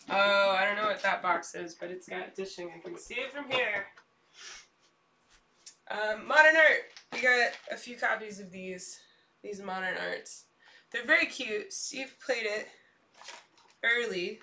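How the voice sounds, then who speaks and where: A young woman streaming herself unpacking board games in casual chat, excitable and prone to trailing off mid-sentence. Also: mid-range voice, unhurried, recorded from a distance, slight background noise.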